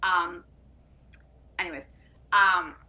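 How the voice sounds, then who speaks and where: A woman comedian talking casually, rambling and cutting herself off with quick laughs. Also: on the low side, fairly even intonation, lo-fi sound. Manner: rambling, self-interrupting, laughing asides. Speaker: comedian guest. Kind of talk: casual podcast chat.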